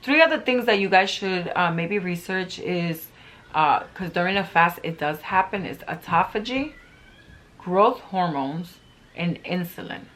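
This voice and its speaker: A middle-aged woman vlogger gives a casual motivational talk to camera, earnest and emphatic, repeating phrases to drive her points home. Her voice is fairly low and a bit bright, animated yet measured in pace.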